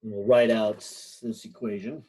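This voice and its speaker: A man's voice: lowish voice, steady tone, normal speed, mellow, low-quality recording. A man teaching a physics help session over a video call, thinking aloud with lots of fillers and a few light jokes. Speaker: physics instructor. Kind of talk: online class help session.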